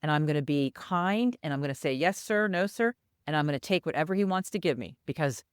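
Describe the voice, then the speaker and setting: Smooth-voiced older woman telling a story. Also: low voice, fast, dry recording, studio quality. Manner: animated storyteller who acts out quoted voices. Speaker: podcast co-host. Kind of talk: personal storytelling in a podcast chat.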